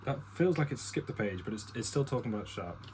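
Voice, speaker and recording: A man's voice: medium pitch, lively intonation, quick pace, darkish tone, a little hiss or hum, low-quality recording. A man casually reading a novel aloud to his partner, stumbling on words, restarting and chatting in asides. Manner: stumbles, restarts and swears at misreadings.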